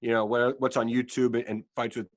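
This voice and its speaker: A man's voice: medium pitch, level tone, a little fast. A male podcast host posing conversational questions to a guest. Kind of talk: interview questions.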